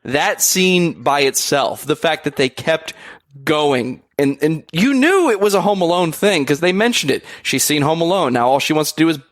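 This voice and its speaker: A man's voice: fairly high pitch, lively intonation, normal speed, no echo. A man on a podcast chatting about a film, rambling and enthusiastic. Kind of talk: casual film review chat.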